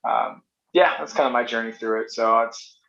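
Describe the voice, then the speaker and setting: A man's voice: medium pitch, normal speed, gravelly, a bit bright, dull audio. A married man and fitness coach talking in casual chat, rambling with many restarts.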